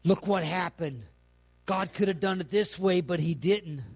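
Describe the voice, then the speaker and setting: A male preacher voicing the devil, whispering doom and taunts into a listener's ear in a low, hushed voice. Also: measured pace. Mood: taunting.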